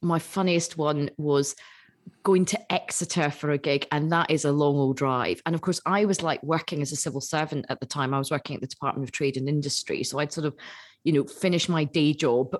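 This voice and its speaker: A Scottish woman in her forties with a husky, slightly low voice tells stories with animation in a relaxed podcast chat. She laughs easily through her anecdotes. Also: brisk. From Scotland. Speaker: guest. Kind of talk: casual podcast interview.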